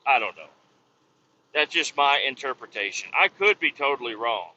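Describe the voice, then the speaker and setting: A man hosting a podcast, telling a profane comedic story in an animated rant with loud exasperated outbursts. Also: mid-range voice, moderate pace, dull audio, a little hiss or hum. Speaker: podcast host.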